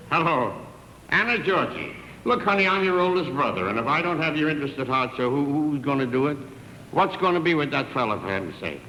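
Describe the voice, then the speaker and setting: An older comedian doing a vaudeville stand-up monologue, wisecracking through one side of a phone call. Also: male voice, a little high, bright, forceful tone, a little hiss or hum. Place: theater stage with live audience. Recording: echoey 1960s TV theater stage.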